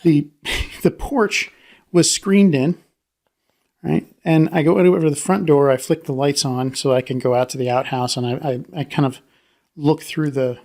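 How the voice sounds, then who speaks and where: Animated man telling a story, laughing. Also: mid-range voice, creaky. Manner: animated storyteller, laughs often, acts out voices. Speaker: podcast co-host. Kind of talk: casual storytelling chat.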